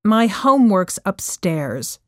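A woman voicing a restless, annoyed teenage girl in a storybook reading, her lines pitched up and pleading. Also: big pitch swings, slow, fairly bright tone, dry recording, studio quality. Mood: sulky.

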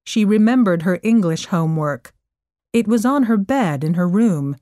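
A woman narrating a storybook chapter in a careful, expressive reading voice. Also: mid-range voice, measured pace, no room sound, clean studio sound.

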